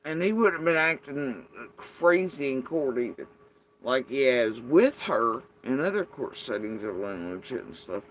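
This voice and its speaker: A man's voice: medium pitch, very animated, a little slow, fairly bright tone. A man in a casual, unscripted rant, heated and profane, rambling from one thought to the next. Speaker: vlogger.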